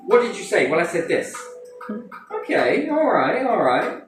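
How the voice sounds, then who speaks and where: A man's voice: high-pitched, measured pace, soft background music. A man speaking to a group in a playful, rambling way, swearing freely and acting out quotes. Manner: animated, cheeky, swears freely, acts out quotes. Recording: echoey room, distant mic, faint noise.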